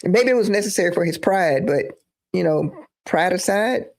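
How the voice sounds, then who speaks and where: Lady streamer with a fry in her voice, keeps repeating herself for emphasis, chats with her viewers. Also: fairly low pitch, animated, normal speed, darkish tone. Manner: emphatic, repeats phrases, drawls. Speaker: political commentary streamer. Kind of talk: live-stream commentary reading chat.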